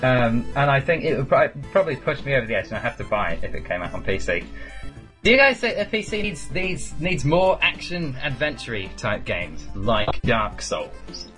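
A man's voice: mid-range voice, sing-song, moderate pace, music in the background. A man hosting a casual podcast, rambling and joking with plenty of ums. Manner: rambling, jokey, lots of ums. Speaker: podcast host.

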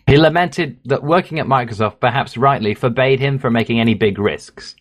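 A man's voice: mid-range voice, brisk. This is an English man with a Midlands accent and a plain, mid-range voice. He co-hosts a casual podcast and drifts through his points, poking fun at himself as he goes. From England. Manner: rambling, self-mocking, laughs easily. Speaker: podcast co-host.

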